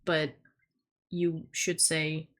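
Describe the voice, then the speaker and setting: A woman's voice: deep voice, completely flat delivery, extremely slow, a bit bright. A young woman chatting casually on a stream, swearing freely and breaking off to talk to her kitten. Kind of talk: casual chat.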